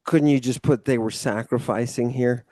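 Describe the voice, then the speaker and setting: In a relaxed one-on-one Ancient Greek lesson, a man explains each step and keeps checking understanding with "right?", swearing mildly along the way. His warm, medium-pitched voice has fairly even intonation and a moderate pace, recorded with no room sound.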